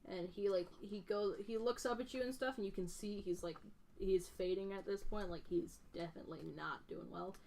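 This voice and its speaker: A woman's voice: mid-range voice, moderate pace, a little mellow, slight background noise. A young woman narrating as dungeon master in a casual, rambling way, full of fillers. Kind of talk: narrating a tabletop game.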